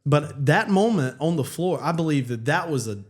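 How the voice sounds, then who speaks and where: A man, a pastor, telling his personal story in casual conversation, earnest and halting with many restarts. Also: a little high, expressive. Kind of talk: personal testimony in casual chat.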